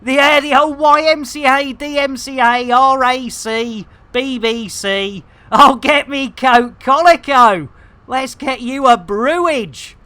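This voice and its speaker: A woman's voice: sits high, fairly even intonation, takes it slowly, few pauses, fairly bright tone. Chatty woman streaming a game. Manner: chatty, jokey, slangy banter. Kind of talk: casual live-stream chatter.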